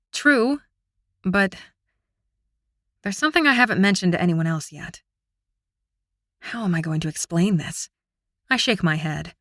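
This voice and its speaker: A woman narrating a fantasy audiobook in the first person, with an expressive, intimate storytelling manner. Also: on the low side, no room sound, clean studio sound.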